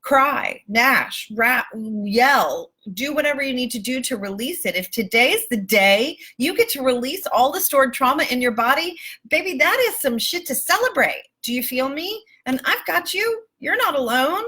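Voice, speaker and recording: A woman's voice: high voice, expressive, moderate pace, slightly rough. A woman life coach speaking live to her viewers, emphatic and affectionate, calling them baby and my love and swearing casually. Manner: warm, emphatic, calls listeners baby and my love. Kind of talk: live-stream coaching talk.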